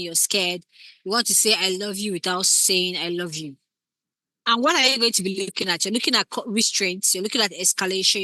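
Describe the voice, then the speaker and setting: A woman's voice: medium pitch, bright, forceful tone, no echo. A woman teaching scriptwriting in a casual lecture, acting out short example lines as she explains. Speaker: scriptwriting instructor.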